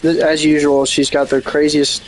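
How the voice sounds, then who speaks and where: A young man with a fairly high voice talks in a laid-back, casual way over an online voice chat, swearing freely. There is faint noise behind him. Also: level tone, moderate pace, rough recording. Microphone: online voice chat mic.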